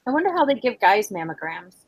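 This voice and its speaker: A woman's voice: mid-range voice, sing-song, quick pace, slight background noise, rough recording. A woman hosting a casual livestream chat, talking with friends in an easygoing way. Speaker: reseller livestream host.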